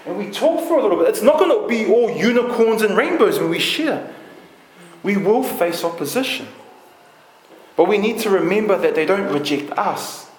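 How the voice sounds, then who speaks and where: Brief: New man, passionate sermon, high voice, reverberant church hall. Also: very animated, moderate pace. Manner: passionate, emphatic preaching with list-like repetition. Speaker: preacher. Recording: echoey room.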